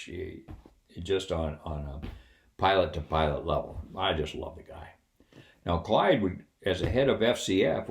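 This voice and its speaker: An older man spins his old service stories in a low-pitched voice that swings widely up and down. His delivery is folksy and animated, with a wry humor running through it. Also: vocal fry, a little hiss or hum. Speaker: retired Air Force officer telling stories. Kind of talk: casual personal anecdote.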